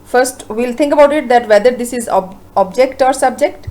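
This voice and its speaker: A woman's voice: a little high, normal speed, a little mellow, poor audio. A woman teaching a grammar lesson, explaining patiently with many fillers and rhetorical questions. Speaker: English teacher.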